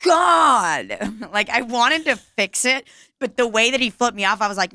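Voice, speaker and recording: A young woman telling a story in casual chat, animated and laughing, swearing freely. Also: on the high side, unhurried, dry recording, clean studio sound.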